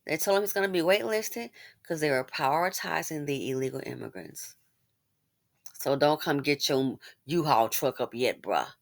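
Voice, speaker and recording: A woman hosting a commentary channel, talking casually with sarcastic asides that swing between loud exclamations and muttered remarks. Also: sits low, animated, normal speed.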